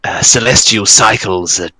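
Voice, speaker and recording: A man's voice: on the low side, bright, forceful tone, no echo, low-quality recording. A man growling as a snarling one-eyed dragon. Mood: scornful. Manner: snarling, contemptuous, slow and grand.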